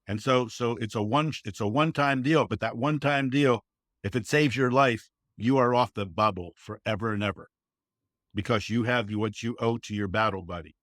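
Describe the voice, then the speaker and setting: A man's voice: mid-range voice, moderate pace, fairly bright tone, dry recording, clean studio sound. A man speaking as a podcast guest in casual conversation, earnest and folksy, often saying "you know" and acting out quotes. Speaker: guest, service dog trainer.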